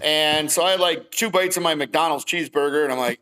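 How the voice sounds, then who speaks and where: Podcast guest, middle-aged man, bright and forceful tone, lively storyteller. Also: on the high side, fairly quick, smooth, poor audio. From Wisconsin. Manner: animated storytelling, acting out both sides of conversations. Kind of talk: casual storytelling.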